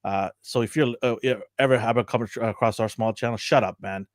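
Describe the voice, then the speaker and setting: A man's voice: medium pitch, fairly even intonation, fast, no echo, clean studio sound. A man co-hosting a casual show review, chatty and rambling, often laughing between his points. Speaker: co-host.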